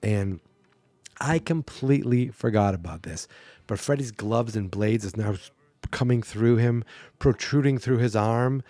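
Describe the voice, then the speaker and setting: A man's voice: medium pitch, a little slow, dark tone, dry recording. A man hosting a podcast, casually recapping a movie plot with sarcastic asides. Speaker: podcast host.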